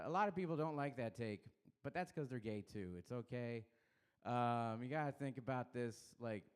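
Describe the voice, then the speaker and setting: A man's voice: medium pitch, clean tone. Rambling, crude stand-up comic man. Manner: loose, rambling, crude delivery with frequent self-laughter. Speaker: stand-up comedian. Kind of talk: stand-up comedy set. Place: dark comedy club stage.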